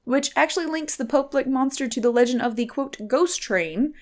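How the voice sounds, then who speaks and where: A woman co-hosting a casual podcast chat, presenting the topic, laughing often and breaking into loud mock shouts. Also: sits high, normal speed. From Kentucky.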